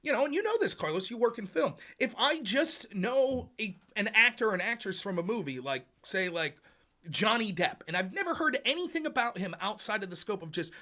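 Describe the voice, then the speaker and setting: A man's voice: sits high, brisk. A man hosting a political livestream, talking casually and acting out quotes in other voices. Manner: animated, loose and casual, acts out quotes. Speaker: livestream host. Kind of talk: political talk.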